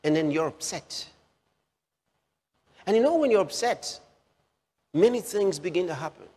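A man preaching a sermon, slow and repetitive, with emphatic rises on key phrases. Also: sits high, expressive, dark tone, husky. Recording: long hall reverb.

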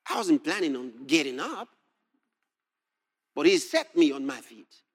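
Lively high-voiced male preacher. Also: unhurried, husky. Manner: expressive preaching, swings from hushed asides to shouted scripture; laughs while reading. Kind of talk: sermon.

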